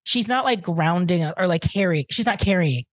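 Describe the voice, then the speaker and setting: A woman co-hosting a film podcast in casual chat, animated and quick to laugh. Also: lowish voice, dry recording. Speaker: podcast co-host.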